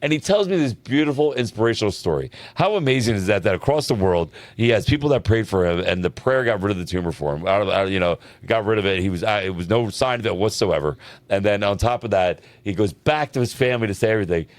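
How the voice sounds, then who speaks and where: A man's voice: fairly low pitch, animated, fast, no room sound. A man co-hosting an advice podcast, telling a long story in casual chat, swearing freely and checking in with "right?" as he goes. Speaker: podcast co-host.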